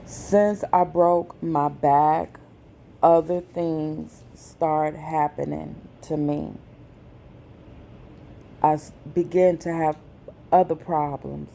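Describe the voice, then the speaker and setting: A woman vlogger, speaking slowly and with feeling in a personal message to her viewers. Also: low voice, fairly even intonation, gravelly, mellow, a little hiss or hum. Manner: slow, deliberate, emotional.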